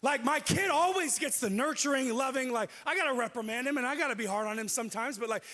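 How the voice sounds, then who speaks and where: A man preaching a sermon, telling a personal story with lively delivery and acting out what people said. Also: very high-pitched, fast. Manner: animated, acts out quoted speech. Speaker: pastor. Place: church auditorium. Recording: long hall reverb.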